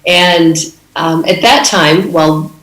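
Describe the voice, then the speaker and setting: Canadian-born woman speaking at a conference, low voice, echoey hall. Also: steady tone, slow, fairly bright tone. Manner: earnest, with many restarts and fillers. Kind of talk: storytelling speech.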